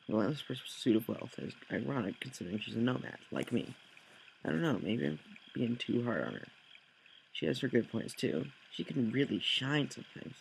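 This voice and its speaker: A man's voice: medium pitch, creaky, a little hiss or hum, poor audio. A man reading a text game aloud, with slips, corrections and jokey asides. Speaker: let's play host.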